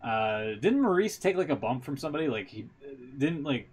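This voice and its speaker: A man's voice: mid-range voice, very animated, moderate pace, husky. A man co-hosting a podcast in casual chat, rambling through results with jokes and laughs at his own bits. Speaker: podcast co-host.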